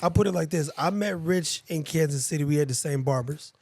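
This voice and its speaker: Host: a man with a somewhat high, gravelly voice and eager, casual delivery. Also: a little fast, a little mellow, no echo. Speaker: podcast host. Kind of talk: casual chat.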